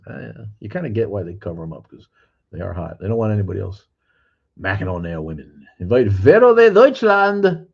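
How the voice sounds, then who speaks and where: A low-voiced older man rambles through a casual livestream, reading comments aloud and swearing bluntly. His voice is husky, and it comes through dull, lo-fi stream audio. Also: fast. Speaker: livestream host. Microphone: streaming cameras.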